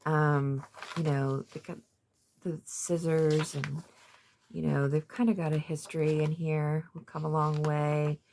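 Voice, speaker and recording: A woman's voice: sits low, little pitch movement, slow, warm tone, slight background noise. A woman in her fifties chatting casually about a craft haul, rambling with lots of fillers. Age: 50s. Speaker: craft vlogger. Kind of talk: casual show-and-tell of a thrift haul.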